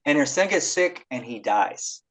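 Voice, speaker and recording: A man's voice: on the high side, lively intonation, unhurried, fairly bright tone, rough recording. A man casually retelling Bible stories on a podcast, reading verses and paraphrasing them with lots of fillers. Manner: retells scripture loosely with many fillers and acted quotes. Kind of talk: casual chat.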